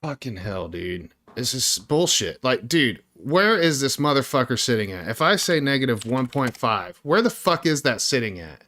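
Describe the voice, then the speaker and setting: Male indie dev streamer, sharp bright tone, profane and fed up, walks viewers through code. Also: medium pitch, big pitch swings, moderate pace, few pauses. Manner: frustrated, swears constantly, talks to viewers. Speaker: indie game developer streaming. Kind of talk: live coding stream, thinking aloud.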